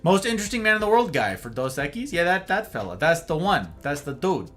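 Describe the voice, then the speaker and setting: A middle-aged man hosting a live stream, chatting casually and playfully with his viewers and often trailing off into quiet asides. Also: fairly high pitch, big pitch swings, a little fast.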